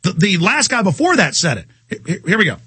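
A man hosting a talk radio show, ranting in a heated, mocking, combative way and swinging his pitch for effect. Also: huge pitch swings, fast, sharp tone, slightly rough, no room sound. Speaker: radio host. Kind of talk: heated on-air rant.

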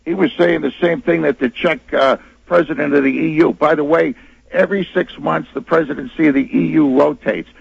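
A man's voice: on the high side, steady tone, creaky, husky, dry recording. A male caller to a radio show, speaking hesitantly with many restarts. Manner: hesitant, halting, full of restarts. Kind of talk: call-in radio. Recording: dull lo-fi phone line.

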